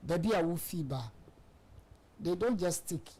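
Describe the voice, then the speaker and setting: A woman's voice: on the low side, expressive, measured pace, mellow, slightly rough. A woman with a Ghanaian accent in a talk show discussion, adding brief interjections and points. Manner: short agreeing interjections, mixing Twi and English.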